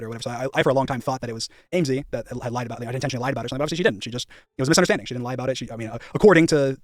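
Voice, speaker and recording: A man's voice: mid-range voice, no echo. Young man, live-stream rant, rambling, emphatic, swearing, re-enacting conversations, dry close sound.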